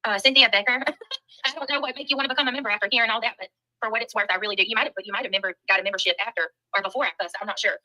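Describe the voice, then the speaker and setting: A livestream host with a Southern US accent races through viewer comments, casually greeting people by name. Her voice is a little high with a sharp edge, captured on a low-quality recording.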